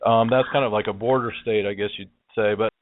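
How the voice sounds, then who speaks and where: A man's voice: lowish voice, fairly even intonation, fast talker, dry recording. Middle-aged man on a dry phone line. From Tennessee. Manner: friendly, rambling, with fillers. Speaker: co-host. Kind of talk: casual phone interview.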